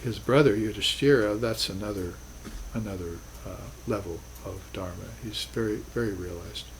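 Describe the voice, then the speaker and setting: A man's voice: fairly low pitch, moderate pace, noisy background. Earnest male spiritual teacher lecturing. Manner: earnest, reflective, rises to emphatic bursts. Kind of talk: recorded class lecture.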